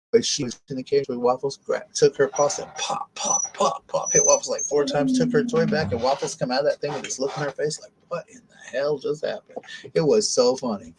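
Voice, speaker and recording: A man's voice: mid-range voice, slight background noise, poor audio. A man hosting a live stream, chatting casually and telling rambling stories about his pets. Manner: rambling, chatty storytelling with restarts; coos softly to his pets.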